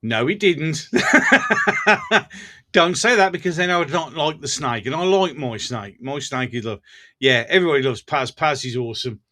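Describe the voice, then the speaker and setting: Bright-voiced Black Country man, chatty. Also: a little high, huge pitch swings, normal speed. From English Black Country. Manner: jokey and chatty, laughs often. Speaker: livestream host. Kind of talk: casual live chat reading comments.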